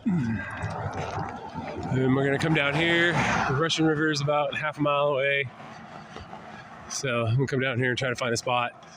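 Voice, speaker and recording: An older man with a head cold and a nasal voice, rambling in a casual walking vlog outdoors, often sighing and clearing his throat. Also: medium pitch, steady tone, moderate pace, long pauses, very noisy. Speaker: traveling vlogger. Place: outdoors, walking along roads and a river valley.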